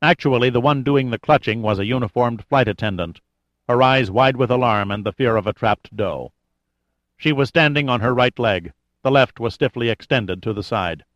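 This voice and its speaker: A man narrating an audiobook at an even, measured pace. His voice sits in a middle register. The recording is dry, with a slightly muffled top end. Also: medium pitch, dry recording. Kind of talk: scripted narration.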